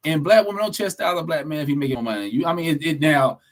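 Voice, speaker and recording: A man's voice: fairly high pitch, very fast. Blunt, preachy podcast co-host man. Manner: blunt, preachy, profane, emphatic. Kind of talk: casual opinionated podcast talk.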